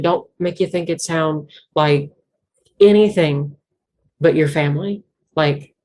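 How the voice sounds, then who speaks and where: Low-voiced Appalachian woman rambling earnestly. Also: darkish tone. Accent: Southwest Virginia Appalachian. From Southwest Virginia. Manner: rambling, earnest, heavy use of "like" fillers. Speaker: interview guest, banjo musician. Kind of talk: casual conversational interview.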